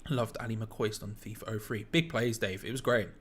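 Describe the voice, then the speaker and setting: A man's voice: fairly low pitch, steady tone, brisk, a little hiss or hum. A man co-hosting a casual live football watch-along, trading wry, jokey banter. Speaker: co-host of a match watch-along. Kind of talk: casual live match chat.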